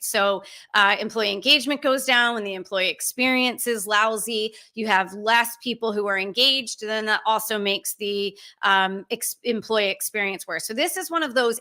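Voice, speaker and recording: Bright, emphatic woman coaching consultants. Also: medium pitch. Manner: emphatic, conversational, rhetorical questions. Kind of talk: direct-to-camera talk.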